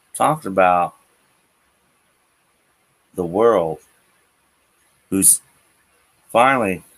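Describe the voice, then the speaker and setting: A man's voice: lowish voice, a bit bright, low-quality recording. A man hosting his own show, delivering an angry, profane political rant with emphatic repetition. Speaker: political commentary host.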